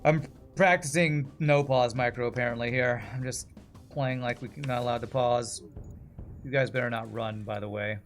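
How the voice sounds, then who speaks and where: A man at a middling pitch streams a game and talks it through casually. He muses over his moves and banters with chat between fights. Faint game music plays under his voice. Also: fairly even intonation, moderate pace. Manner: chatty, reads and answers chat while playing. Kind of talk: casual gameplay commentary.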